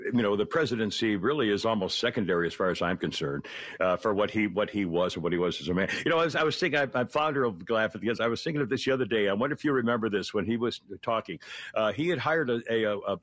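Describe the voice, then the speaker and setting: A man's voice: mid-range voice, dry recording. An older man hosting a talk radio show, chatting casually, rambling with sarcastic jokes, frequent laughs and stammered restarts.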